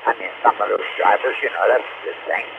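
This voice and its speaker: A man's voice: lowish voice, fast talker, vocal fry. Man, ham radio operator, blunt ranting talk, tinny hissy radio audio. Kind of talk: on-air radio chat.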